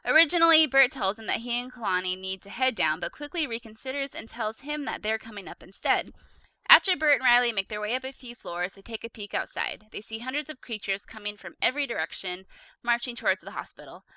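Bright, lively woman podcast host. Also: on the high side, fast talker, dry recording. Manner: giggly, chatty. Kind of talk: casual chat and reading a recap.

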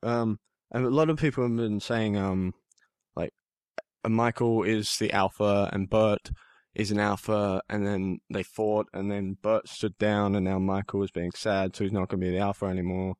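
Australian man guesting on a podcast, low-pitched, rambling, dry close sound. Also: little pitch movement, normal speed, darkish tone, clear, resonant tone, dry recording. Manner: rambling, restarts and fillers while thinking aloud. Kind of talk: casual podcast chat.

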